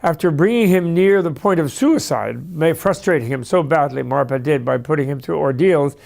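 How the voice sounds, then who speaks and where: A man lecturing on history in a loose, anecdotal style, drifting into asides. His voice is gravelly and sits somewhat high for a man. He sounds like he enjoys telling the stories. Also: moderate pace, darkish tone. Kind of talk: storytelling lecture.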